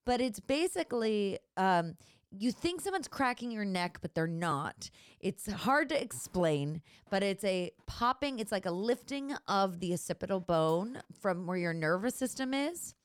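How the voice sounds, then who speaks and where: A woman hosting a podcast, chatty and animated as she tells a story. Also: mid-range voice, measured pace, smooth, dry recording, studio quality. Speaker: podcast host. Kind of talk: casual chat.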